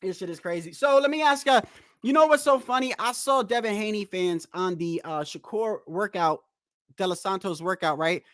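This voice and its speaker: A man's voice: high voice, normal speed, a bit bright, clean tone, dry recording, clean studio sound. A man hosting a live stream, talking bluntly and with a lot of cursing while he answers viewers in chat. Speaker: livestream host. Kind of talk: casual live-stream rant.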